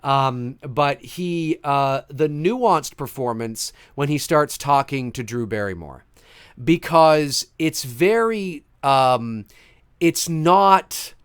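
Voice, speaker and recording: A man's voice: medium pitch, animated, slow, clear, resonant tone, dry recording, clean studio sound. A man hosting a casual podcast chat, rambling with many restarts and fillers. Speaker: podcast host.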